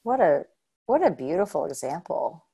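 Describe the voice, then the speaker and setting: A woman's voice: lowish voice, very animated, moderate pace, vocal fry, dark tone, husky. A woman from Southern Utah telling a heartfelt personal story in a casual, earnest way, with lots of fillers and "right?" tags. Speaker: guest.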